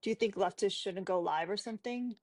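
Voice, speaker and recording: A woman's voice: medium pitch, a little fast, darkish tone. A woman hosting a casual livestream chat, talking bluntly and swearing casually. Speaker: livestream host.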